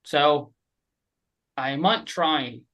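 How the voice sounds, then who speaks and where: A man teaching an online group class, animated and repeating letters slowly for his students. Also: on the high side. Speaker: Quran recitation teacher. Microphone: webcam.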